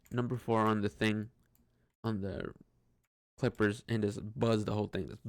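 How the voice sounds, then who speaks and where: Gravelly-voiced man rambling hesitantly. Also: lowish voice, no room sound. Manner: hesitant and rambling, frequent restarts and swearing. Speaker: vlogger. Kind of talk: casual personal monologue.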